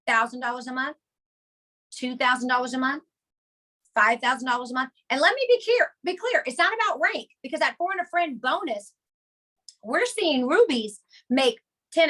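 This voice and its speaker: Upbeat woman running a team call, high bright voice, punchy and repeats herself a lot. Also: moderate pace, pauses often. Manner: energetic, emphatic, repeats key points, chatty asides. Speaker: team leader hosting a call.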